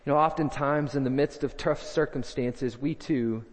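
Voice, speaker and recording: A man preaching a sermon, earnest, dropping low and soft on key lines and acting out the voices he quotes. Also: normal speed. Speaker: pastor. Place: church sanctuary. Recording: long hall reverb.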